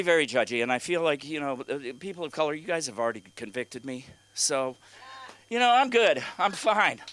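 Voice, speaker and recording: Rambling stand-up comic with lively pitch. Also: male voice. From California. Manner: rambling, halting delivery with many fillers and restarts; crude, exasperated ranting. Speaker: open mic comedian. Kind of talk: stand-up comedy set. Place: comedy club stage.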